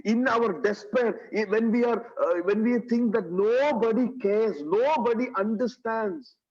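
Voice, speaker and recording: In a church, a pastor with a Kerala English accent preaches a sermon in an extremely high-pitched, darkish voice, speaking a little slowly. He is earnest and repetitive, using rhetorical tag questions, and the recording is dull and lo-fi.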